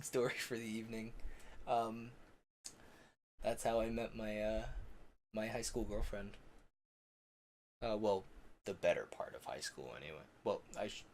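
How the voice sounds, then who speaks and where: A man's voice: lowish voice, measured pace, pauses often, a little hiss or hum. A young man streaming, rambling through an embarrassing story with self-mocking asides and frequent laughter. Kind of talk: casual storytelling on a game stream.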